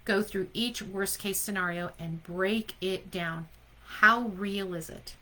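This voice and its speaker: Bright-voiced woman coaching a live online audience. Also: medium pitch, slow, poor audio. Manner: emphatic, asks the audience questions, often adds "right?". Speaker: leadership coach.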